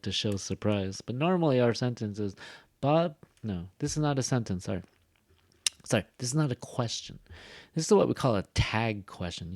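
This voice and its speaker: A man explaining pronunciation to a class in a loose, chatty way, his voice sitting on the low side. He leans on fillers and keeps checking in with the listeners. The sound is close and dry, with no room around it. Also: a little mellow, dry recording. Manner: casual, exaggerates intonation for demonstration; frequent fillers and tag "right?". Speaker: ESL pronunciation teacher. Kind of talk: recorded classroom lecture.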